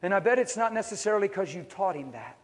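Male pastor, lively storytelling sermon, a touch high-voiced, church hall reverb. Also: fast. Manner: animated storytelling with rhetorical questions. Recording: long reverb of a large hall.

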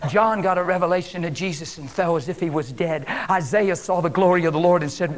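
High-voiced preacher man, loud then whispering. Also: brisk, hardly any pauses. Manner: emphatic, swings from loud declarations to hushed whispers. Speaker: guest preacher. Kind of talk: preaching a sermon. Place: church service.

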